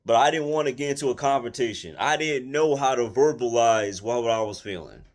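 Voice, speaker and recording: In a casual monologue, a man tells his followers a personal story, speaking bluntly, colloquially and with emphasis while frequently restarting and repeating phrases. His voice is medium in pitch and his delivery fairly quick.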